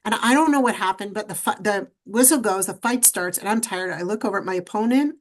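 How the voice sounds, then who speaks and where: A middle-aged woman, a podcast guest, telling her story in an animated, emphatic way. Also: mid-range voice, fairly quick. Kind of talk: storytelling interview.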